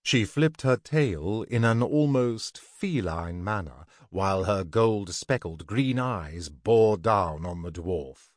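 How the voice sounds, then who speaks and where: A man narrating a scripted fantasy story in an even, deliberate way. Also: on the low side, no room sound, clean studio sound.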